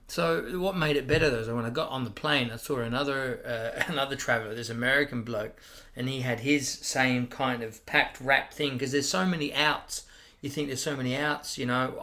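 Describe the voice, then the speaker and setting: A man's voice: medium pitch, normal speed, pushed and bright. A brash, middle-aged Australian comedian in casual podcast chat, swearing freely and acting out voices as he tells stories. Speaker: comedian guest.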